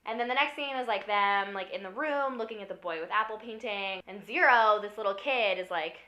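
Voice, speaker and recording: Brief: drunk young woman, bright ringing voice, loose rambling comic recap, heavy on "like". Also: mid-range voice, brisk. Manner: rambling, fills every phrase with "like". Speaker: film recapper.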